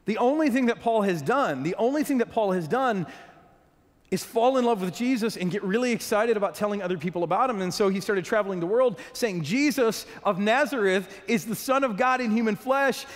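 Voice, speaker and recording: High-voiced preaching man in reverberant hall. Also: animated. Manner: earnest preaching with quick restarts and repeated words. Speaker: pastor. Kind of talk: sermon. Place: church hall.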